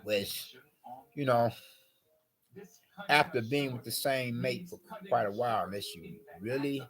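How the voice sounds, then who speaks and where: A man's voice: mid-range voice, poor audio. A man vlogging in a rambling, wordy monologue full of filler phrases.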